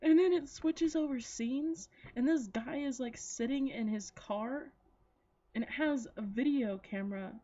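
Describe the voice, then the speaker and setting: A woman's voice: a little high, unhurried, mellow, lo-fi sound. A woman rambling through a story in casual chat, giggling and swearing freely, full of likes and restarts. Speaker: anime reviewer. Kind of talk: casual chatty plot retelling.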